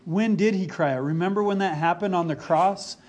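A man preaching a sermon as pastor, earnest and deliberate, repeating key phrases for emphasis. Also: high-pitched, a little mellow. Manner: slow and deliberate.

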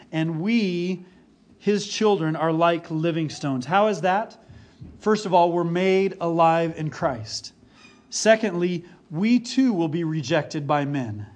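A man delivers a sermon in an earnest, deliberate manner, taking his time. His voice sits a little high for a man. He leans on key phrases and repeats them for weight. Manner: slow and deliberate. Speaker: pastor.

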